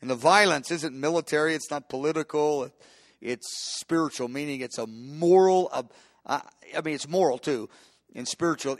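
A man preaching with fervor, his voice sitting a bit higher than most men's. He restarts phrases, then surges into loud, emphatic peaks. The sound is dry and close, with no room around it. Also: moderate pace, no echo. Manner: impassioned, builds to emphatic peaks, frequent restarts. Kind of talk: sermon.

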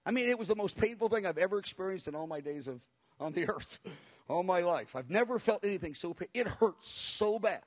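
A man recounting a spiritual experience as an animated personal testimony, acting out the people he quotes and chuckling as he goes. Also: high voice, fairly quick. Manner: acts out the people he quotes, with cries and hushed voices.

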